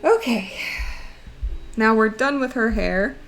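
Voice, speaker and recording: A woman's voice: fairly high pitch, slow pace, a bit bright, soft background music. A young woman streamer chatting casually while she draws, laughing often as she talks.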